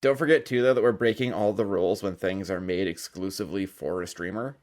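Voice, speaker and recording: A man co-hosting a podcast, talking in an animated, jokey way. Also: deep voice, a little fast. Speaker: podcast co-host. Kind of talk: casual chat.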